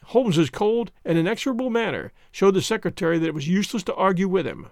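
A man narrating a classic detective story in an expressive, dramatic storytelling manner. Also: high voice, a little fast, creaky, hardly any pauses, no room sound, studio quality. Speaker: audiobook narrator.

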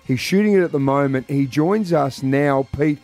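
A man's voice: medium pitch, gravelly, darkish tone, soft background music. A man hosting a morning radio show, chatting in an upbeat, jokey way with his guest and co-host. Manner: jokey, upbeat, quick asides. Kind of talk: casual radio chat.

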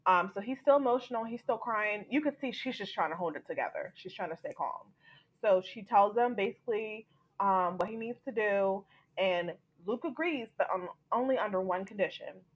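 A woman's voice: medium pitch, moderate pace, highs cut off. A woman hosting a podcast, animatedly recapping a TV episode and acting out the characters' lines. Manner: animated storytelling, acts out quotes. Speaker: podcast host.

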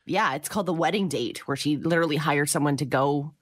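A woman's voice: low voice, brisk, no room sound. A woman co-hosting a radio show in casual banter, laughing often mid-sentence, on a close studio mic. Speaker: radio co-host.

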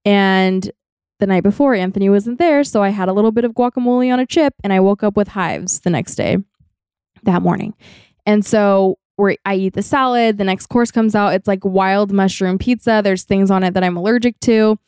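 Young woman on a podcast rambling a story, lots of "like", smooth voice. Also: medium pitch, normal speed, darkish tone, dry recording, studio quality. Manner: chatty, many "like" fillers. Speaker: podcast co-host. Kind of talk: casual storytelling chat.

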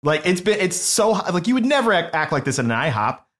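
A woman's voice: on the low side, very animated, fast talker. A woman co-hosting a casual chat who laughs often and reacts in short remarks.

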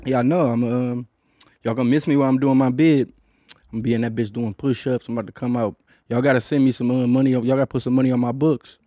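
A man with a medium-pitched, dark-toned voice hosts a podcast from a studio booth, and there's no room sound. The casual chat is loose, rambling and profane, packed with fillers.

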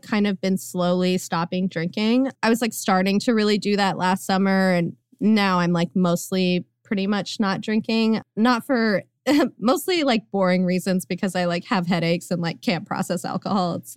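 A woman guest on a podcast, chatting casually, full of "like" fillers and quick laughs. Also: mid-range voice, smooth, no echo. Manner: laughing often, lots of "like" fillers. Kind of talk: casual chat.

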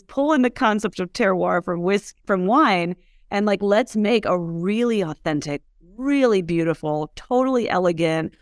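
A woman's voice: mid-range voice, dry recording, studio quality. A woman in her thirties from the United States, telling her story animatedly in a casual interview, full of "like" and acted-out quotes. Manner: animated, fillers like "like", acts out quotes. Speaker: whiskey entrepreneur guest.

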